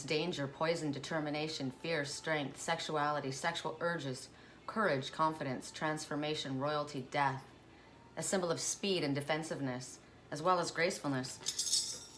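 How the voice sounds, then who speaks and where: A woman's voice: low voice, fairly bright tone, a little hiss or hum. A woman giving a spiritual oracle card reading, musing aloud with coughs and asides, choked up at times.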